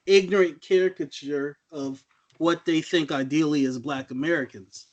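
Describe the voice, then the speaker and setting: A man's voice: on the high side, moderate pace, lo-fi sound. A man co-hosting a casual podcast, laid-back, slangy and profane. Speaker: podcast co-host. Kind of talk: casual chat.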